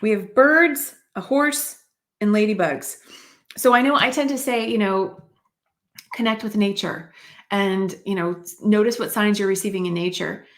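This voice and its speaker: A woman's voice: medium pitch, moderate pace, a bit bright. A woman giving a spiritual card reading to camera in a chatty, rambling way, with many fillers and asides. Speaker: card reader.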